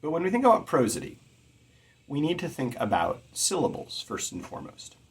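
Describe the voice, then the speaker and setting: A middle-aged man teaching about poetic meter in an earnest, measured way, carefully stressing his words. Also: a little high, wildly swooping pitch, breathy edge. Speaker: poetry teacher.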